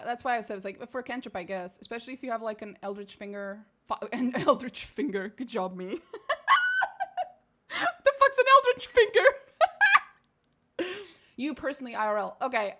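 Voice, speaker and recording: Profane woman streamer with a high voice. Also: fairly quick. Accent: mixed British and American English. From Portugal. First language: Portuguese. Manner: profane, rambling, reads game text aloud. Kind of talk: casual gaming stream commentary.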